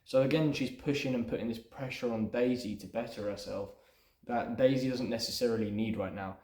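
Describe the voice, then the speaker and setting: A man's voice: medium pitch, fairly quick, darkish tone. A man hosting his own channel, casually breaking down a film script he is writing in a loose, rambling way full of "sort of" and "you know". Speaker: screenwriter and channel host. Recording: roomy echo.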